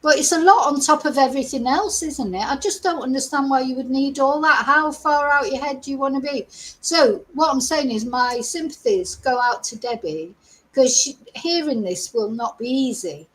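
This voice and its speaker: A woman's voice: high voice, moderate pace, a bit bright, poor audio. An older woman hosting a true crime live stream, talking in a chatty, exasperated and rambling way with frequent asides. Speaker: true crime channel host. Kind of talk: casual live-stream commentary.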